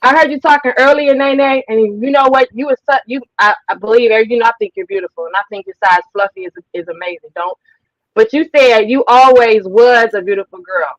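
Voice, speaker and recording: A woman's voice: a little high, a little fast, dry recording, lo-fi sound. A woman with a Detroit accent hosting a casual group chat, teasing and affectionate with her friends.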